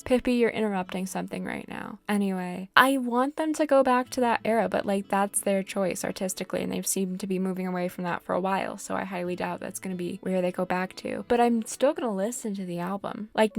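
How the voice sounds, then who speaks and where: A woman's voice: mid-range voice, vocal fry. A young woman giving sarcastic, profane let's-play commentary on a life-sim game, ranting at the characters. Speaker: gaming vlogger.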